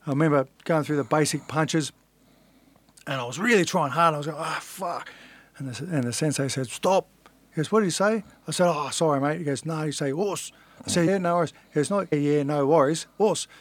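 Speaking quickly in a slightly high voice, this middle-aged fighter with an Australian accent recounts his life on a podcast in a relaxed interview. He's blunt, curses freely, and performs the voices of people he quotes.

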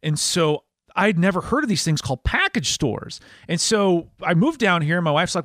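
Chatty Wisconsin man, slightly high, dry. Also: sing-song, moderate pace, few pauses, fairly bright tone, dry recording. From Wisconsin, USA. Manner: chatty storyteller, laughs often, acts out dialogue. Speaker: podcast host. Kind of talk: casual interview chat.

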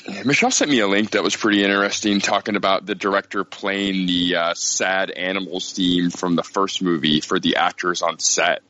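Male podcast guest, very deep voice with a bright edge, muffled audio. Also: fairly even intonation, normal speed, hardly any pauses. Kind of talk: casual movie discussion. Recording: slightly dull lo-fi sound.

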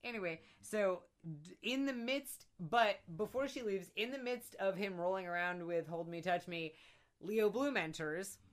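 A woman co-hosting a casual film discussion podcast, animated, acting out quotes as she laughs. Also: medium pitch, measured pace. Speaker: podcast co-host.

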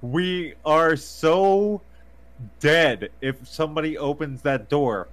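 A man with a somewhat high voice, co-hosting a casual podcast. He talks at an unhurried, drawn-out pace, laughing often and swearing freely through animated rants. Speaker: podcast co-host. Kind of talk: casual banter. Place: podcast recording.

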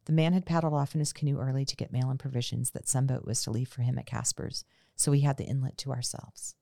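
A woman podcast host reading a travel memoir aloud in a steady storytelling manner, closing with a casual sign-off. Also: very deep voice, fast talker, creaky, dry recording, clean studio sound.

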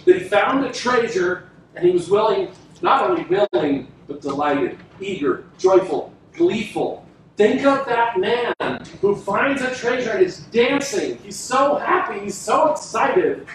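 A man with a high voice preaches a sermon, stretching out words and pausing for emphasis, sometimes acting out quoted lines. He sounds set back from the mic in a very echoey church hall. There is a faint hiss behind him. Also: lively intonation. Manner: emphatic, dramatic pauses, acts out quoted lines. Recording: echoey room from a distance with faint noise.

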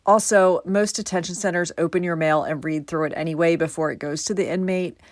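Low-pitched woman narrating true crime, chatty asides, dry close mic. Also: steady tone, a little fast, dry recording. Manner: conversational storytelling with asides. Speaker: podcast host.

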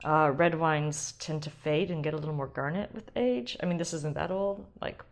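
Chatty, excitable woman podcaster. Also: sits low, moderate pace. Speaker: wine podcast host. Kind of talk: casual solo wine talk.

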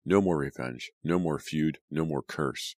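A man's voice: extremely low pitch, unhurried, a little mellow, no echo. A man voicing Jonathan, an anguished young man. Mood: sorrowful. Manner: anguished, crying out.

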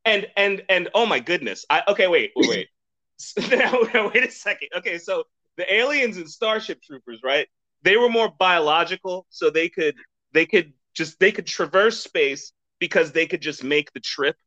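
A man hosting a podcast in casual chat, rambling and excitable and laughing often. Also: high voice, normal speed, dull audio. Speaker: podcast host.

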